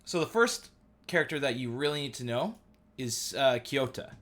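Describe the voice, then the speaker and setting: A man in his thirties hosting a casual live stream, rambling excitedly with lots of fillers. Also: medium pitch, normal speed. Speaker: livestream host. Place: at home.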